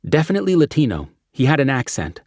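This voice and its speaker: A man's voice: mid-range voice, wildly swooping pitch, quick pace, a little mellow, no echo, clean studio sound, voice pushed up. A man voicing an obliging young woman ticket clerk in an audiobook, with a cheerful manner.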